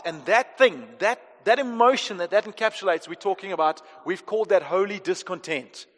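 A man preaching a sermon as pastor, swinging between emphatic and hushed delivery. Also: high-pitched, normal speed, hardly any pauses. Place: church hall. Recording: long reverb of a large hall.

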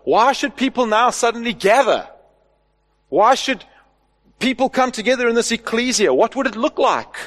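A man's voice: very high voice, animated, moderate pace, fairly bright tone. A man preaching a sermon as the pastor, asking rhetorical questions and stressing key words. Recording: long hall reverb.

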